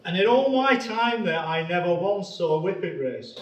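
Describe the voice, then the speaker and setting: A man's voice: high voice, lively intonation, normal speed, muffled recording, a little hiss or hum. An older man from the north of England, telling comic stories in a sardonic, mock-serious way. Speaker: comic performer and poet. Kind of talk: wry stand-up storytelling. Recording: roomy, far from the mic.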